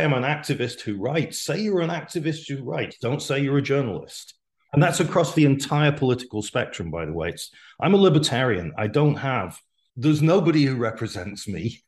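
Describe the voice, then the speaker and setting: A man around sixty, a podcast guest giving his opinions in a deliberate, emphatic way. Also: mid-range voice, very animated, darkish tone. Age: 60s. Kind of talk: casual podcast conversation.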